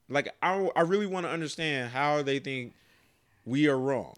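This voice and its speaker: A man's voice: fairly high pitch, normal speed. Profane ranting army sergeant, man. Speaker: army NCO. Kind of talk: casual chat.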